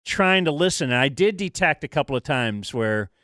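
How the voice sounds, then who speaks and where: A male talk show co-host rambles through a casual story. He trips over restarts and fillers in a smooth, resonant voice. The studio sound is dry and close. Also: fairly high pitch, expressive, moderate pace, pushed and bright, no echo. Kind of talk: casual chat.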